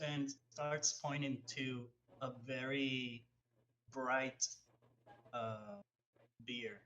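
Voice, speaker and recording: A man taking part in a tabletop game describes his character's actions. He speaks slowly and switches back and forth between English and Spanish. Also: mid-range voice, fairly even intonation, fairly bright tone, low-quality recording. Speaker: player.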